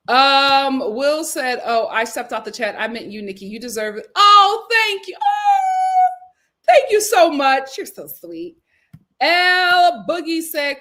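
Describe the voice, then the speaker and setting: Young woman host, high pitch, animated livestream chatter, laughs a lot, loud then hushed. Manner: animated, laughs often, swings from loud to murmured asides. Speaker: live recap show host. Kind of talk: casual live-stream chat reading comments.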